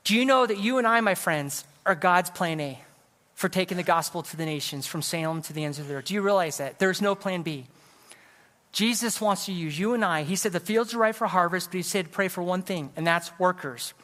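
This high-pitched, brisk, slightly bright voice belongs to a middle-aged Californian man preaching in a church sanctuary with a big-room sound. As an evangelist, he tells a personal story chattily and jokes at his own expense.

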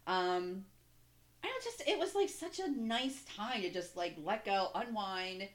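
A woman's voice: medium pitch, animated, a little slow. A young woman co-hosting a podcast in casual chat, candid and rambling, with plenty of fillers and swearing. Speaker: podcast co-host.

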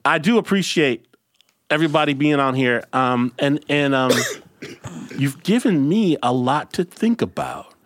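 A man hosting a casual roundtable chat, speaking reflectively and haltingly with many restarts. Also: on the high side, animated, dry recording. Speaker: host.

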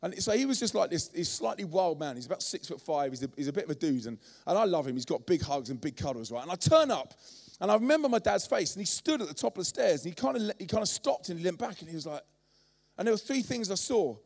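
Animated preacher in his forties. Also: high voice, quick pace, gravelly. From London, England. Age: 40s. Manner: animated storytelling, acting out voices. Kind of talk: sermon.

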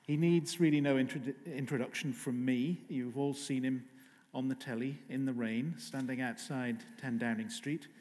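A man opens a festival session with a polite, formal introduction that stumbles now and then. His pitch sits in the middle range, and his voice rings through a large, reverberant hall. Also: steady tone, normal speed, a little mellow. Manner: polite, hesitant with fillers. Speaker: session chair.

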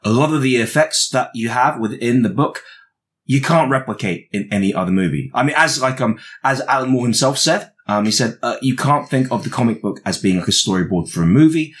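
A man's voice: mid-range voice, expressive, brisk. A man co-hosting a casual podcast chat, breaking down a comic book with many fillers and restarts. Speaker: podcast co-host.

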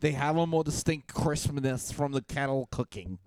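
A man's voice: mid-range voice, normal speed, darkish tone, clear, resonant tone, no room sound. A man co-hosting a casual comedy podcast, riffing in a mock-pompous, sarcastic way. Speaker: podcast co-host.

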